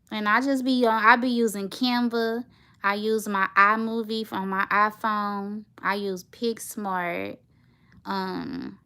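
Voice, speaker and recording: A woman's voice: a little high, sharp tone. A woman in her thirties, a tired mother and vlogger, rambling casually to her viewers. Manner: rambling, chatty, talks straight to her viewers.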